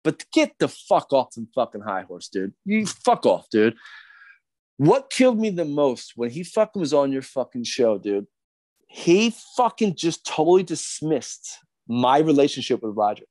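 A man's voice: medium pitch, sing-song, unhurried, a little mellow, no echo. Fired-up profane man ranting on a podcast. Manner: profane, fired up, repetitive fillers. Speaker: podcast guest, skateboarder. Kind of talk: heated podcast rant.

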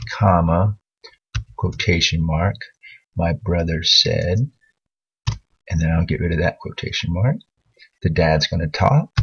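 A man with a deep, gravelly and very husky voice teaches a writing lesson. He talks patiently through corrections to a student's work, thinking aloud as he goes. The screen recording sounds dull and lo-fi.

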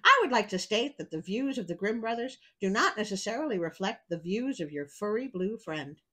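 A woman's voice: medium pitch, big pitch swings, brisk, sharp tone, rough recording. A woman hosting a storybook reading, breaking off for wry, chatty asides. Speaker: storyteller host.

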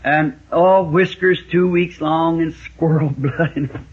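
A man from the States, preaching and telling a folksy hunting story, with sudden high exclamations. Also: fairly even intonation, takes it slowly, slightly rough. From Southern United States. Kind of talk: storytelling sermon. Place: church meeting with a congregation. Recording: lo-fi 1960s live sermon tape.

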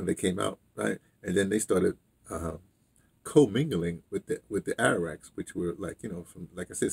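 A man's voice: deep voice, gravelly, darkish tone, husky. A man casually telling a rambling story, drifting off on side tracks. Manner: loose, digressive, heavy on fillers and restarts.

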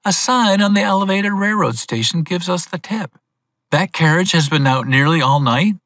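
Keen young detective's helper from a male reader: excited, slightly raised pitch. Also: moderate pace, no echo. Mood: eager.

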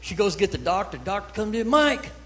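A man, an evangelist telling his testimony in a church revival sermon, building from storytelling to shouted praise. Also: high voice, fast talker, low-quality recording.

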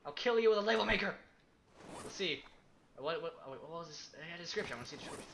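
A young man casually commenting as he plays a survival game, chatty and excitable, talking to himself and the objects in it. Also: a little high, racing, creaky, noisy background. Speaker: gaming YouTuber. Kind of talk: casual let's-play commentary.

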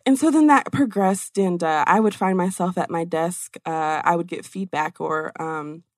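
A woman's voice: on the low side, normal speed, no echo. Chatty woman coach, dry sound. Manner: animated, chatty storyteller with many fillers. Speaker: business coach. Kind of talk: interview storytelling.

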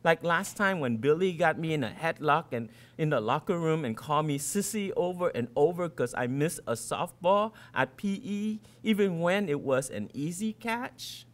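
An author reads his own fiction aloud in the first person, expressive and colloquial like a storyteller. His voice is a man's, fairly high, at a normal speed with hardly any pauses.

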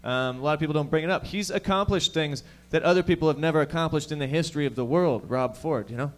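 Man, stand-up comedian, swears a lot, rapid-fire jokes, fairly high voice. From Toronto area, Canada. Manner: profane, rapid-fire joking to the crowd. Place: comedy lounge stage.

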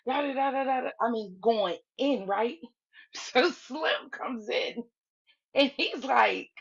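A woman's voice: takes it slowly, creaky, breathy edge. A woman casually recounting a livestream drama, acting out everyone's lines with big jumps in her voice and frequent laughter. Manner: animated, acts out quotes with big pitch jumps and laughter. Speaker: live stream commentator. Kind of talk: casual storytelling recap. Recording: slightly dull lo-fi audio.

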